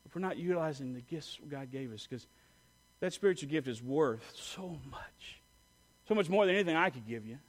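High-voiced pastor preaching conversationally. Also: male voice, animated, normal speed. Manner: leads the congregation in call-and-response repetition; conversational, with fillers and self-corrections. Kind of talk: sermon.

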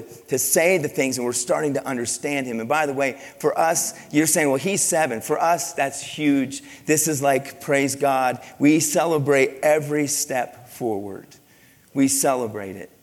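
Pastor preaching in a reverberant hall. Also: male voice, mid-range voice. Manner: animated storytelling with many restarts and repeats. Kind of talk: sermon. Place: church sanctuary. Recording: long reverb of a church hall.

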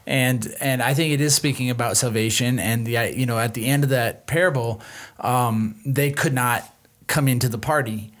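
An easygoing man with a light Minnesota accent, chatting as a pastor on a casual podcast. He talks in a relaxed, unhurried way, often chuckling at himself. His voice sits at a middle pitch for a man.

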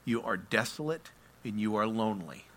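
Bright-voiced preacher giving a sermon. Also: male voice, fairly low pitch, lively intonation, moderate pace. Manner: builds from quiet to loud impassioned preaching; acts out prayers and quotes in his own voice. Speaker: pastor.

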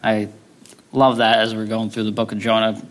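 A male pastor teaches a sermon conversationally, often checking in with listeners through frequent tag questions. His voice is fairly low and completely flat, at a moderate pace.

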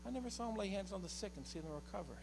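A middle-aged man preaching a sermon as a pastor, swinging from impassioned shouting to quiet storytelling. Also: high-pitched, lively intonation, very fast, gravelly, background noise.

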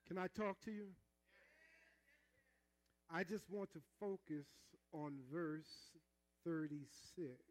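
A man preaching a sermon, calling on the congregation to repeat after him, moving between chatty asides and shouted peaks. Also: on the high side, slow, pauses often, low-quality recording. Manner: call-and-response preaching, calls on the congregation to repeat; swings between conversational asides and shouted climaxes. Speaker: pastor.

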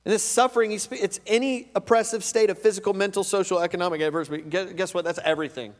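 This man's voice is high-pitched and steady, and he speaks fast while preaching as a pastor. His sermon is conversational and forceful, with points frequently repeated, and the sound carries the long reverb of a big hall.

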